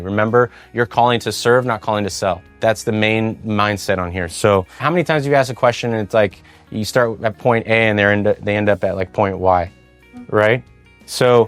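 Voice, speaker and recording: A man leading a sales training talk, coaching in a conversational way and acting out sample call scripts. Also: fairly low pitch. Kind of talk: sales training talk with role-play demos.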